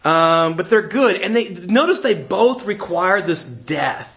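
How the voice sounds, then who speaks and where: A man's voice: sits high, lively intonation, measured pace, fairly bright tone, lo-fi sound. A middle-aged man preaching a sermon in an earnest way, laughing often and repeating words as he searches for them. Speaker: pastor.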